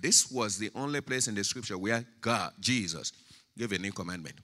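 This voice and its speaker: A male pastor preaching a sermon, swinging from quiet, drawn-out words to loud, emphatic lines. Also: fairly low pitch. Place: church sanctuary. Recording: church hall with long reverb.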